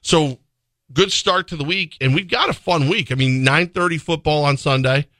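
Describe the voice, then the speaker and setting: A man's voice: on the high side, moderate pace, bright, forceful tone, dry recording. A man co-hosting a sports radio show, chatting casually and rambling through a live ad read, laughing easily. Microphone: studio microphone.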